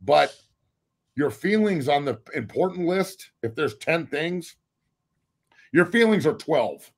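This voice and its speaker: A man's voice: fairly high pitch, very animated, takes it slowly. A man talking football on a podcast as a guest, blunt and full of profanity. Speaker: guest, former football player. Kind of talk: casual podcast debate.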